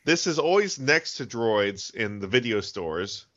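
Animated joking male podcast host. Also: medium pitch, a little slow. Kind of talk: casual chat. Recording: dull lo-fi podcast audio.

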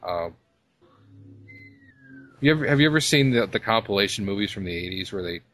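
A man co-hosting a podcast, explaining things in a relaxed, casual way. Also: fairly low pitch, fairly quick, slight background noise. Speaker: podcast co-host. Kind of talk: casual chat.

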